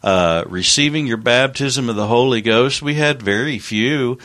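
A man's voice: medium pitch, normal speed, fairly bright tone. A man co-hosting a ministry broadcast, enthusiastically recalling prayer and healings. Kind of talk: conversational broadcast testimony sharing.

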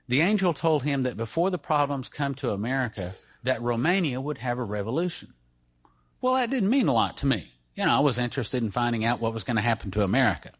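A man's voice: medium pitch, fairly bright tone, no echo, clean studio sound. A middle-aged man speaking to a church audience, introducing a guest through an earnest personal story. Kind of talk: testimony-style talk to an audience.

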